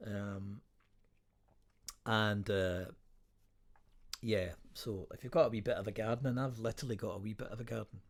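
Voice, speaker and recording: A middle-aged man chatting casually between songs at home, rambling and halting. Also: fairly low pitch, fairly even intonation. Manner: rambling, halting, self-mocking. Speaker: singer-songwriter. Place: home during lockdown.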